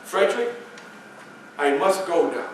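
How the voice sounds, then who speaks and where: A male stage performer voicing John Brown, an older abolitionist, in a hushed, grave and deliberate way. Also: high voice, very animated, a little hiss or hum. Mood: quiet resolve. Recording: echoey room from far off.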